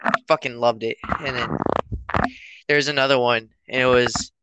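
A teenage man co-hosting a podcast in casual chat, rambling and acting out his parents in loud quotes. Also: medium pitch, steady tone, normal speed, noisy background. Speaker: podcast co-host.

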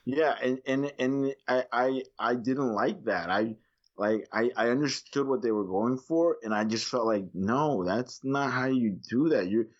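A man co-hosting a casual movie review chat, animated and swearing freely. He acts out his own reactions with jumps in pitch. The recording is a little dull and lo-fi. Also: a little slow. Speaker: podcast co-host reviewing movies.

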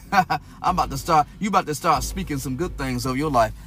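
A man preaching a sermon, folksy and repetitive, swinging from loud exhortation to low, close talk. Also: brisk, faint music behind. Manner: folksy, repeats phrases, speaks in tongues.

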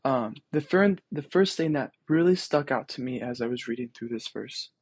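A man's voice: mid-range voice, animated, normal speed, darkish tone, slightly rough, no echo. A young man hosting a podcast, reflecting on scripture in a casual, earnest way with many ums and restarts. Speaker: podcast host.

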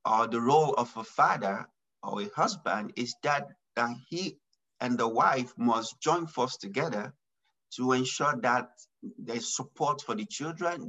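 A man, a pastor and business executive, answering interview questions in a deliberate, emphatic way, stressing key words and listing his points. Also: medium pitch, fairly bright tone, rough recording.

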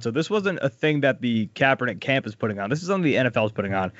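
A man co-hosting a casual sports podcast, bluntly recapping the week's football scores with lively opinions. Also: mid-range voice, no echo, dull audio. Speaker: podcast co-host.

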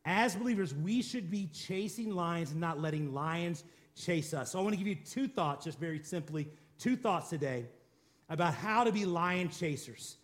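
A man's voice: on the high side, animated, normal speed. A man preaching a sermon, driving his points home with repeated declarations and rhetorical questions, and calling on the congregation to respond. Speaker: pastor.

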